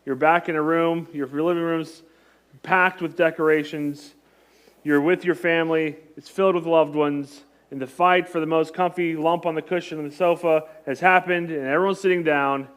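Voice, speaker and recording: A man in his thirties gives a relaxed, talkative sermon. He jokes with the congregation and often breaks off mid-sentence to restart. His voice sits a little higher than most men's. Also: moderate pace, smooth. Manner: chatty, joking, self-interrupting. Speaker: pastor. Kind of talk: conversational sermon.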